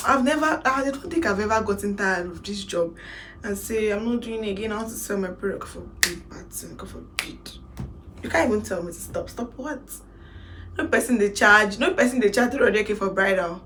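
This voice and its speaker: A woman in her twenties with a Nigerian accent, telling her own story in a casual vlog, animated and slipping into Pidgin phrases. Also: a little high, moderate pace, a little hiss or hum. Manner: animated, mixes in Pidgin, laughs to hold back tears. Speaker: makeup artist vlogger.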